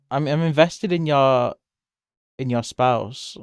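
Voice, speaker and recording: A man chats loosely with his viewers as he draws, laughing often, cursing freely and now and then jumping up into excited squeals. His voice is smooth and clear, and he talks at an unhurried pace. The sound is dry and close. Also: no room sound. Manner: giggly, swears freely, jumps to high excited squeals. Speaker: streamer drawing live. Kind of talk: casual chat while drawing.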